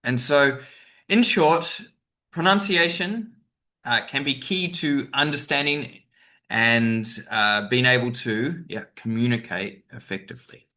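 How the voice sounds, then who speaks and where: A man's voice: medium pitch, a little slow, bright, forceful tone. A man giving a chatty webinar talk as a teacher trainer, with many fillers and asides, sometimes acting out example sentences. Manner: acts out stressed example sentences.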